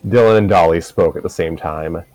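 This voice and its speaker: A man's voice: deep voice, a little fast, a little mellow, dry recording, faint music behind. A man reading a story aloud live on stream, narrating steadily with the odd restart. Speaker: story reader.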